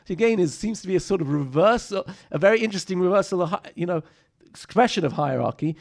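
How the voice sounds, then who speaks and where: A man's voice: on the high side, brisk, gravelly, darkish tone. A man teaching a text study lesson, reading verses aloud and explaining them with rhetorical questions. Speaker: Bible teacher.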